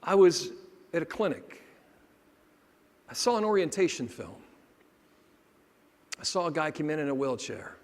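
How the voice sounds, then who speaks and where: A man giving a motivational keynote, telling stories and acting out dialogue, dropping to a hush and then rising loud. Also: on the high side, sing-song, measured pace, long pauses. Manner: dramatic shifts between hushed and loud, acting out dialogue. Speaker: motivational speaker. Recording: long hall reverb.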